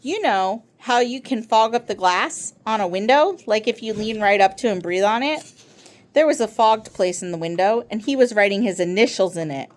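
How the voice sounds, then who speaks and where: An excitable schoolboy tumbles through his story in a rambling, eager rush, as a woman reads him aloud. His voice swings up and down with lively ups and downs. It is a storybook reading. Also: medium pitch, moderate pace, lightly acted.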